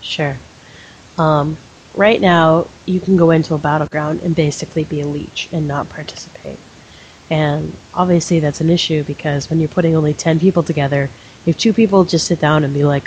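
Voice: medium pitch, a little fast, darkish tone. A podcast co-host explaining game mechanics step by step in casual chat. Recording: dull lo-fi mic with faint hiss.

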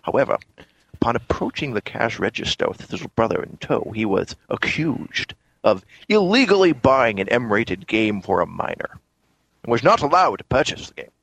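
A man putting on a joking impression of a gruff Scottish movie star while reading a news item aloud. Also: medium pitch, big pitch swings, normal speed, fairly bright tone, no echo, full character voice, poor audio. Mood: mock-serious. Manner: reads a news item aloud in a put-on accent.

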